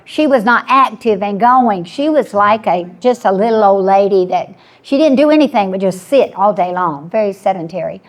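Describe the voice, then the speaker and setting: A woman's voice: mid-range voice, lively intonation, moderate pace, few pauses. A woman in her seventies, a panelist sharing an earnest personal story with frequent restarts. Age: 70s.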